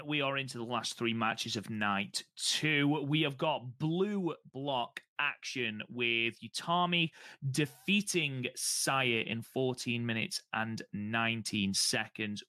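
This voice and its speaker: Bright, teasing podcast co-host man. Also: mid-range voice, slow, dry recording. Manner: teasing, blunt, swears. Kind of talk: casual chat.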